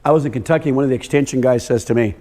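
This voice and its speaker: An older man with a mid-range, dark-toned voice talks in rapid-fire bursts as he presents a soil health workshop to farmers. In a room with a live audience, he tells stories and fires questions at the crowd.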